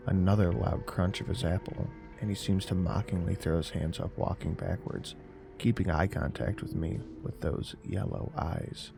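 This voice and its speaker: A man narrating a horror story in a slow, measured, deadpan way. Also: deep voice, gravelly. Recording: narration over faint music.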